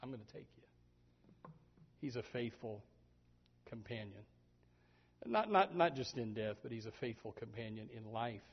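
A man preaching a sermon in a lively, animated manner, often stumbling over repeated words. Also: mid-range voice, normal speed, long pauses, husky. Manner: animated, repetitive restarts, voices sheep and God aloud. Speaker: pastor. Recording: dull lo-fi recording.

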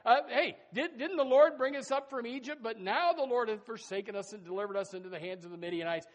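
A man preaching a sermon as pastor, emphatic and folksy, swinging between loud bursts and soft asides and repeating his phrases. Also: very high voice, quick pace. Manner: folksy, addresses listeners as folks and says amen.

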